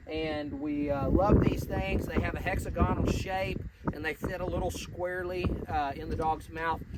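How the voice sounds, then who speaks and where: A man with a drawl and a fairly high voice teaches dog training outdoors by a pond. He explains patiently between bursts of coaching cheers. He is picked up from some distance, with loud outdoor noise behind him.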